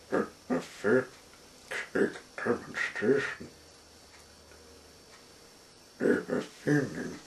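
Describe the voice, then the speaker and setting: A man reading a storybook aloud as a storyteller, in a slow and deliberate way. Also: mid-range voice, creaky. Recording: roomy echo with faint background noise.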